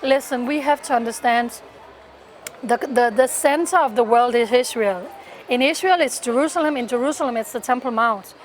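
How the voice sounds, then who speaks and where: A woman's voice: a little high, normal speed, faint music behind. A woman from Denmark gives an earnest, fervent personal testimony in an interview, often restarting and repeating words. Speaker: interviewee, pro-Israel activist.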